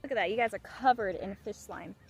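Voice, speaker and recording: A young woman live-streaming herself fishing from a pond shore, chatting playfully to her viewers and getting loudly excited over a big catch. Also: medium pitch, fast. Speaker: fishing vlogger. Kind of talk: casual live-stream chat.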